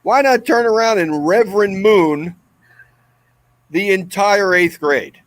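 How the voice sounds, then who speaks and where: A man, the guest, telling a comic story in an animated, excitable way. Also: sits high, slow, no room sound. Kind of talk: comedic storytelling.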